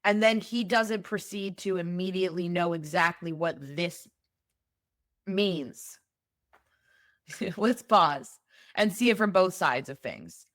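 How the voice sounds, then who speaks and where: A woman's voice: fairly low pitch, takes it slowly, long pauses, a bit bright, dry recording, clean studio sound. Conversational woman podcast host. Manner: conversational and emphatic, explains with examples. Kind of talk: solo podcast talk.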